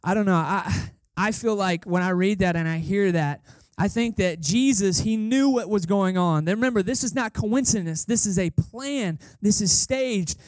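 A man with a notably high-pitched voice delivers a conversational sermon, telling stories and leaning on repeated phrases for emphasis. The sound is dry, with little room echo. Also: normal speed, hardly any pauses. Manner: casual, storytelling, emphatic repetition. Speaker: guest pastor. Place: church service.

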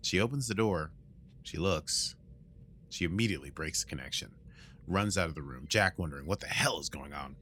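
A man hosting a casual recap chat, rambling through the story and acting out quotes in goofy voices, with a morning voice that is still warming up. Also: extremely low pitch, animated, a little fast, a little hiss or hum. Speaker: podcast host recapping an episode.

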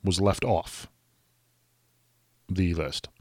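A man co-hosting a podcast, talking sports in a casual, animated way. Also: sits low, husky, dry recording, clean studio sound. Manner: animated, chatty, quick asides and laughs. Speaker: podcast co-host.

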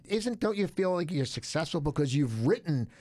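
Man, podcast host, rambling chatty talk, very animated pitch, dry close sound. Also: normal speed, no room sound. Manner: chatty, rambling, jumps in pitch when excited. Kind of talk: casual interview chat.

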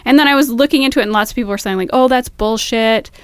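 A pregnant woman in her third trimester, co-hosting a podcast and chatting candidly, telling lively stories with some swearing. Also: a little high, fast talker, clear, resonant tone, dry recording. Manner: candid, animated storytelling with swearing. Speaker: podcast co-host. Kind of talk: casual chat.

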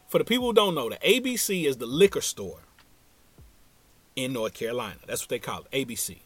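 A man's voice: medium pitch, sing-song, normal speed, pauses often, no room sound. A man from Ohio telling a story in a casual, slangy way, acting out the other people in it.

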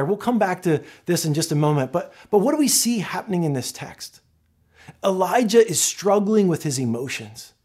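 Guy preaching a sermon, kinda husky voice, swings up and down a lot, chatty and expressive. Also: high-pitched. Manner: expressive, conversational preaching with repeated restarts. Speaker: pastor.

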